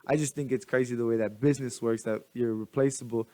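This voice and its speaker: A young man vlogging, venting in a rambling, animated way and restarting his sentences often. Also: mid-range voice, quick pace. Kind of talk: casual venting monologue.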